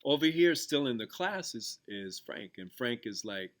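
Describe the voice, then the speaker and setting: With an expressive mid-range voice at normal speed, a man who both teaches and podcasts leads his audience through a gratitude exercise. His casual talk is loose, packed with fillers and restarts, and includes a retold classroom story.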